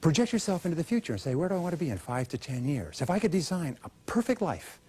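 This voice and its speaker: A man giving a motivational seminar talk to a live audience, animated and energetic, now and then acting out quoted voices. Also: on the high side, fast talker, breathy edge. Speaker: motivational speaker.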